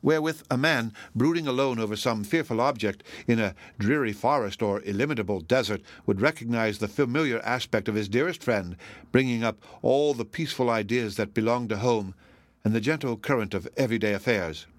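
A man reads classic fiction aloud at a middle pitch, in an even, measured way. The recording is dry and close, with no room sound. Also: no echo. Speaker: narrator. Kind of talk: audiobook reading of classic fiction.

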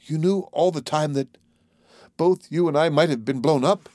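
Man doing a soft-voiced young wife. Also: a little high, normal speed, no echo, clean studio sound, pitched above the performer's own voice, close to an everyday voice. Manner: soft, breathless, pleading. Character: young wife, delicate and wondering.

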